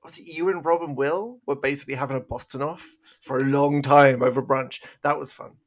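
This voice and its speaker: British guy on a podcast, mid pitch, laughs a lot, gets ranty. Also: brisk. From Britain. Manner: animated, laughs easily, ranty. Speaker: podcast co-host. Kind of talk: casual chat.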